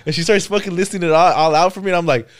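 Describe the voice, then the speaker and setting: A man's voice: high-pitched, rapid-fire. A young man co-hosting a podcast, telling stories in casual chat with lots of swearing and laughter. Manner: animated storytelling with swearing and laughs. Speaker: podcast co-host.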